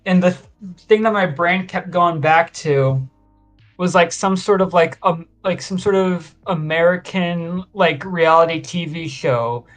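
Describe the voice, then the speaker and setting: A man's voice: a little high, unhurried, fairly bright tone. Hesitant man groping for words. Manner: hesitant, searching for words with many fillers. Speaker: podcast co-host, artist. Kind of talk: casual chat.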